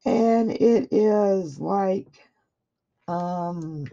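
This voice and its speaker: A woman's voice: mid-range voice, very slow, creaky, dark tone. A woman crafter in a casual unboxing chat, gushing with effusive praise while her throat is a little dry. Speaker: craft vlogger opening happy mail. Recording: dull lo-fi audio.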